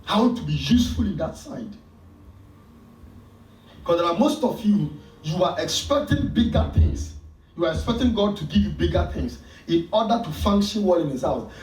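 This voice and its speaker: A man with a Ghanaian accent preaching a sermon as pastor, with sudden loud emphasis. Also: a little high, a little hiss or hum. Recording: echoey church hall from far off.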